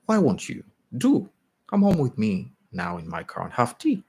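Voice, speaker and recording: A man voicing a wealthy, impulsive young woman as he reads a short story aloud, with an eager, breathy, pleading way of talking. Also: lowish voice, wildly swooping pitch, normal speed, heavily acted.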